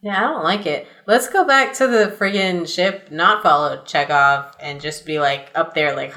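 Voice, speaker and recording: A woman's voice: low voice, pushed and bright. A woman co-hosting a podcast, chatting casually and giggling at the story. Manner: giggly, quick reactions. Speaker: co-host. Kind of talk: casual chat.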